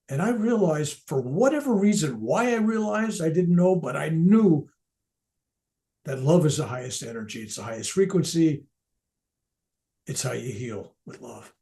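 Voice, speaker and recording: An older man speaks with a mellow, rounded warmth, his voice sitting a little high for a man. He tells a personal spiritual story in an earnest, reflective way, as a reverend addressing an event. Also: animated, fairly quick, creaky.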